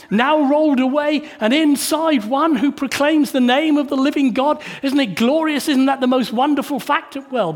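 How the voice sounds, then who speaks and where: Extremely high in pitch, this preacher delivers a church sermon, alternating quiet passages with forceful ones and asking the congregation rhetorical tag questions.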